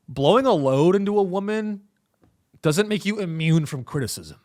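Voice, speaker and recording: A young man hosting a comedy podcast, delivering a sarcastic monologue that swings between deadpan and exasperated. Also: high-pitched, normal speed.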